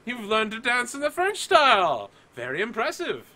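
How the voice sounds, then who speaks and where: A man voicing fluttery, gossiping court nobles who gush excitedly. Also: extremely high pitch, normal speed, voice pushed up, full character voice.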